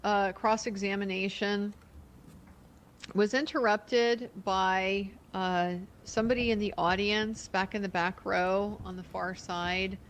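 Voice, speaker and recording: A woman slowly recounting courtroom events, in a measured, hesitant way. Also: mid-range voice, fairly even intonation, a little hiss or hum.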